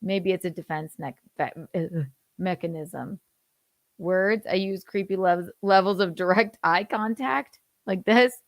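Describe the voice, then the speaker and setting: A woman in her thirties hosting a casual livestream chat, animated and laughing, swearing freely and acting out how she yells. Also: fairly low pitch, measured pace, no echo, studio quality. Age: 30s. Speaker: host.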